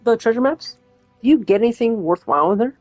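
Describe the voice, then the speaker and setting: A woman's voice: on the high side, animated, fast talker, a little mellow, no room sound, soft background music. A woman chatting casually while streaming a game, rambling and laughing often. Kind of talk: casual chat while gaming.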